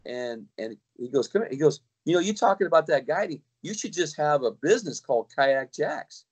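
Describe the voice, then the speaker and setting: A man's voice: fairly high pitch, expressive, a little fast, breathy edge. A middle-aged man, a kayak fishing guide, telling a long story in casual chat with many restarts and acted-out quotes.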